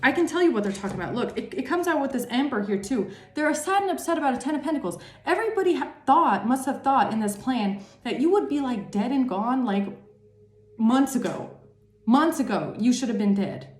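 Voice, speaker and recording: A woman's voice: sits high, animated, brisk, echoey room, a little hiss or hum. A woman giving a tarot reading monologue, emphatic and repetitive, swearing freely. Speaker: tarot reader.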